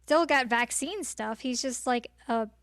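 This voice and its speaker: A woman's voice: on the high side, unhurried, a bit bright, no echo, studio quality. A woman co-hosting a podcast, chatty and self-deprecating, with hesitant fillers. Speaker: podcast co-host. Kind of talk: casual chat.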